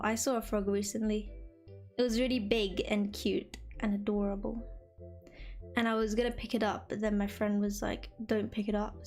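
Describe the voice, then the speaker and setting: With a mid-range, slightly mellow voice, a young English woman chats casually with viewers of her stream. She is chirpy and rambling, full of fillers, over faint background music.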